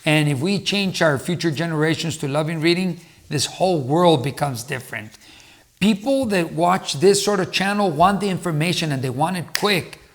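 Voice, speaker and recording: A middle-aged man speaks earnestly to camera in a casual advice talk, drawing on his years as a teacher. His voice sits a little high for a man, and he often stops and repeats words before going on. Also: animated, moderate pace. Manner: earnest, repeats himself with restarts. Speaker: motivational speaker and former teacher.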